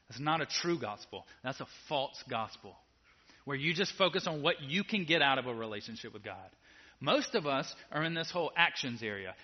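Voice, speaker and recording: Casual, emphatic male preacher. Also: on the high side. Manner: casual and direct, swings from quiet to loud emphatic. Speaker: pastor. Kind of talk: sermon. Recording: dull lo-fi sound.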